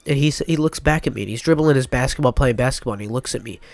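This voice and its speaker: A man's voice: medium pitch, very fast, vocal fry, darkish tone, no room sound. A young man with a stuffy nose telling a rambling, mock-dramatic storytime vlog, full of filler words. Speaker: YouTuber.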